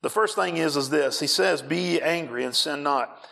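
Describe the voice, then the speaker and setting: A male pastor preaching a sermon on marriage, animated, acting out scenes and raising his voice for emphasis. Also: on the high side, moderate pace, creaky.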